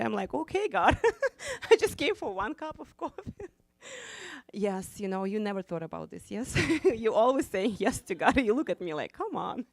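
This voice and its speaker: A woman speaking non-native English, telling a lively church testimony to a women's group with frequent laughter. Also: mid-range voice, dry recording. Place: church meeting room.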